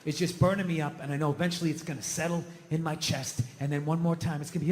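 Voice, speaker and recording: A middle-aged man doing a stand-up comedy set on stage, ranting loudly and swinging from low mutters to yells. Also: level tone, quick pace, few pauses. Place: comedy stage in a large venue. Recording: reverberant hall, faint noise.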